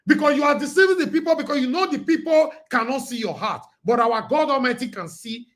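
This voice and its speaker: An older man with a northern Nigerian accent calling in over the phone, speaking quietly and earnestly. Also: very high voice, a little fast. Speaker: caller. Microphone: phone line.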